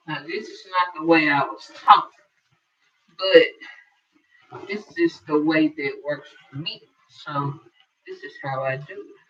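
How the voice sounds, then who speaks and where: Woman quilting instructor, unhurried and bright-toned, talking through her steps casually; dull lo-fi sound, set back from the mic. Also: deep voice, distant mic. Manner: chatty, thinks aloud while working. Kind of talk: casual sewing tutorial.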